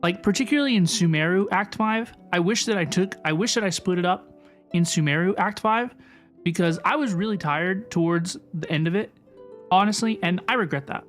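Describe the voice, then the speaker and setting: A live streamer chatting casually and excitedly with viewers, greeting each by name with a repeated catchphrase. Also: medium pitch, brisk, faint music behind. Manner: upbeat, excitable, repeats "hello, please" to greet chat.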